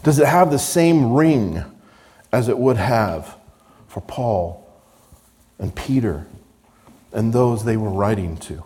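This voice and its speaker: A man with a fairly low voice delivers a sermon. He reads scripture aloud with mounting emphasis and slips into dry sarcasm to make a point. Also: lively intonation, takes it slowly, long pauses, dark tone. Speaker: preacher.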